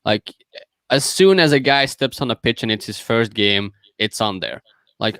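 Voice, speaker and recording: A man's voice: mid-range voice, moderate pace, a bit bright, clean tone, no echo. A man co-hosting a casual podcast, rambling through lists of names and sounding exasperated at the hype. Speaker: podcast co-host.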